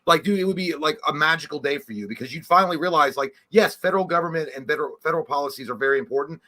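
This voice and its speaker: Bright-voiced swearing young man. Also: a little high, very fast. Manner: rambling, animated, swears a lot. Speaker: podcast co-host. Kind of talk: casual profane chat.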